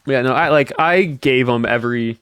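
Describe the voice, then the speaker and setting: A man's voice: mid-range voice, moderate pace, a bit bright, clear, resonant tone. A young man streaming, chatting casually with his viewers in a rambling way and answering their comments as he goes. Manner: rambling, answers chat between stories. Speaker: livestreamer.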